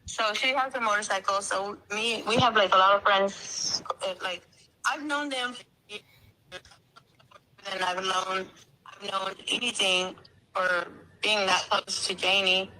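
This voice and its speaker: A woman's voice: medium pitch, steady tone, measured pace, sharp tone, rough recording. A woman with a Texan accent calling in to a live stream, telling an emotional story, swearing and repeating herself.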